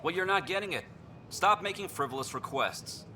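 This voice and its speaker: A haughty station bureaucrat in a video game who scolds and dismisses anyone asking for help. His voice is bright and forceful, his delivery clipped and cold. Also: high voice, expressive, normal speed, slight background noise. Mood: contemptuous. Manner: curt, condescending, scolding. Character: arrogant dismissive male station official.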